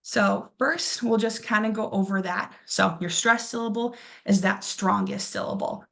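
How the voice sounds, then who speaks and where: A young woman teaching a pronunciation lesson to a class. She talks patiently with a good deal of um, sounds words out slowly, and encourages her students. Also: medium pitch, big pitch swings, creaky, a bit bright. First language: English. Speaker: English teacher.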